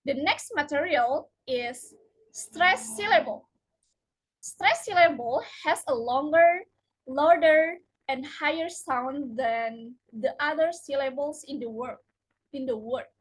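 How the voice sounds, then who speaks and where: A woman's voice: sits high, slow pace, rough recording. A young woman reading out a prepared lesson, carefully stressing each example word, speaking English as a non-native speaker. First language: Indonesian. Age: young adult. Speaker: student presenter.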